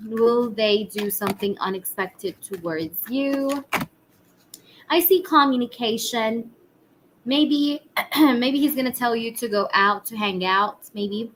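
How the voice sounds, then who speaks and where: A woman with a husky voice giving casual tarot readings on a live stream, chatting with viewers and using many fillers. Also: on the high side, a bit bright, slight background noise, rough recording. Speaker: tarot reader.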